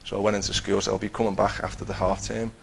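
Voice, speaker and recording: A man's voice: lowish voice, flat delivery, fast talker, vocal fry, a little hiss or hum, low-quality recording. A man telling a personal faith testimony in a conversational way, acting out what he and others said. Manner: conversational, acts out his own quotes, many restarts.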